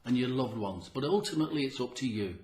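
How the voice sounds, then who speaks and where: Man, motivational vlog talk, emphatic, repetitive, short of breath, mid-pitched voice, echoey room. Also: expressive, fast, a little mellow. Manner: earnest and emphatic, repeats key phrases. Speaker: health vlogger.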